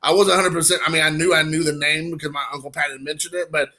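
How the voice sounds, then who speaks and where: Casual card vlogger, man in his forties from Indiana; gravelly, bright, gushing and rambling. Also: fairly high pitch, fast. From Indiana, USA. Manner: excited, emotional, rambling with fillers. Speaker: baseball card collector vlogger. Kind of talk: casual card-opening vlog.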